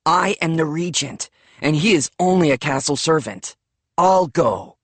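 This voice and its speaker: A nervous young regent, formal and earnest, with a higher, lively voice, as a male audiobook narrator plays him. He pleads and insists in stiff court language. The reading is dry and close. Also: unhurried, no echo. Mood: insistent.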